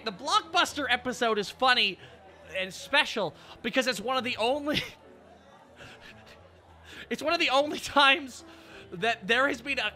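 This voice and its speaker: A male streamer chatting casually and excitably, laughing often and swearing freely. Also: high voice. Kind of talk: casual chat.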